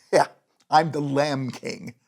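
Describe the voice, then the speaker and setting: A storyteller reading a bedtime storybook and voicing the Lamb King, a playful, wise male figure who chuckles, in a gravelly, breathy voice. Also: mid-range voice, steady tone, takes it slowly, pitched below the performer's own voice.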